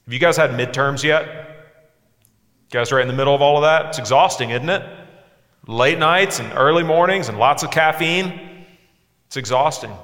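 A man in his forties preaching a sermon, impassioned, moving between hushed lines and emphatic ones. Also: on the high side, normal speed, pauses often. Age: 40s. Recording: echoey hall sound.

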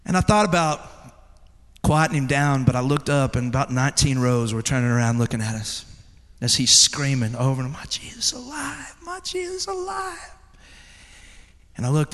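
Animated preacher in an echoing chapel. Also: male voice, medium pitch. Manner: animated storytelling, mimics a child's cries. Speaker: pastor. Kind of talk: chapel sermon. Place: large chapel hall. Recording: echoey hall with long reverb.

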